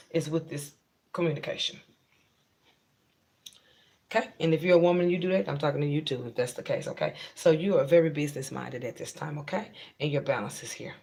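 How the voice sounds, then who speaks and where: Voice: mid-range voice, creaky, a little mellow. A tarot reader giving a blunt, casual reading to viewers, repeating points and talking frankly in slang. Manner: blunt and repetitive, drives points home.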